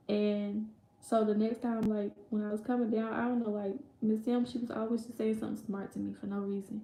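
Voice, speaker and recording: Young woman, casual storytime, rambling with fillers, mellow gravelly voice. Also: mid-range voice, level tone, brisk, slight background noise. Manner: rambling, filler-heavy retelling with quoted voices. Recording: echoey room.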